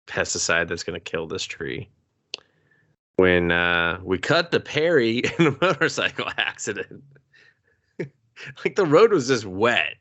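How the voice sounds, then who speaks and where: Brief: male podcast co-host, lowish voice, profane, jokey, slips into character voices. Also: a bit bright. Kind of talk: casual movie review chat.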